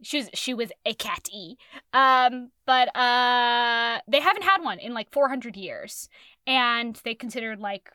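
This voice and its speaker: A woman talks over a book in loose, rambling chat, her voice high and bright. She swears casually and keeps the tone animated. The recording is dry and close. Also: measured pace, smooth, no room sound. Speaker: podcast co-host reviewing a book.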